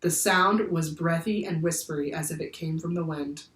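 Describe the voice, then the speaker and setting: A woman's voice: sits low, normal speed. Woman reading a children's book aloud. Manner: clear, steady storytelling. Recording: echoey room, far from the mic.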